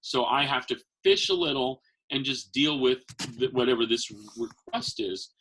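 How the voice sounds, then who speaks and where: A man's voice: normal speed, vocal fry, slight background noise. A man, a magician who works as Santa, telling stories in a casual chat and acting out the voices of the people in them. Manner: animated, acts out quotes with big pitch jumps. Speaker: podcast guest, magician and Santa performer. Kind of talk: casual storytelling.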